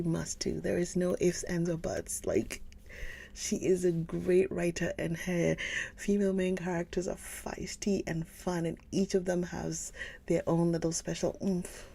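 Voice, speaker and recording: Low, gravelly woman chatting softly. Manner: often drops into a soft whisper; chatty and gushing about books. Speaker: livestream book reader host. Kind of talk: casual livestream chat.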